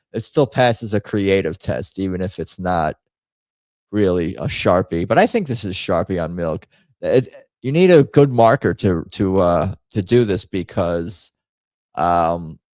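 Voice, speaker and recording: A man's voice: low voice, animated, measured pace, a little mellow, no echo. A man hosting a casual livestream, rambling through memes with wry asides and frequent restarts. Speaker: host.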